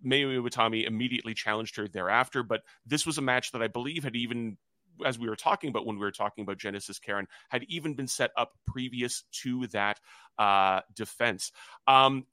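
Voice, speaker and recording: A man co-hosting a wrestling preview in a measured, articulate voice that often pauses on "uh". His tone is bright and forceful, and the recording is close and dry with almost no room sound. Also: mid-range voice, no echo. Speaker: wrestling podcast co-host. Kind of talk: casual preview chat.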